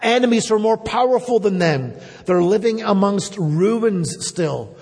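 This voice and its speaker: A man's voice: high voice, lively intonation, unhurried, a little mellow, husky. A man preaching a sermon, earnest and emphatic, turning at times to speak directly to the children. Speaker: pastor. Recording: long reverb of a church hall.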